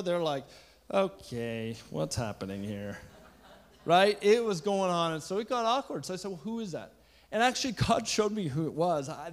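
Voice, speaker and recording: A man preaching a sermon, telling a story and acting out what people said in a lively, casual way. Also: high-pitched. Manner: animated, acts out quoted dialogue. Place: church hall. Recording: long church hall reverb.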